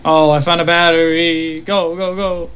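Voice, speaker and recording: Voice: mid-range voice, little pitch movement, unhurried, music in the background. A gamer giving let's-play commentary on a horror game, jumpy and easily startled, with nervous laughs and sudden exclamations.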